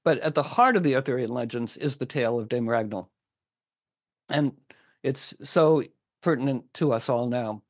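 A man's voice: mid-range voice, no echo. Guy spinning an old legend, playful, does little voices, dry close sound. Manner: animated, acts out quotes with filler words. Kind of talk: casual retelling of a legend.

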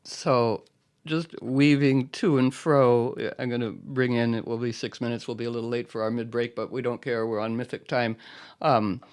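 A man hosting a show, introducing a clip in a loose, rambling way with hesitant pauses. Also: mid-range voice, steady tone, a little mellow, clear, resonant tone. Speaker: host.

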